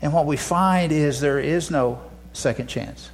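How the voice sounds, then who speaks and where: A man preaching a sermon, impassioned, his voice climbing higher as he pleads. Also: unhurried, vocal fry. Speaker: pastor.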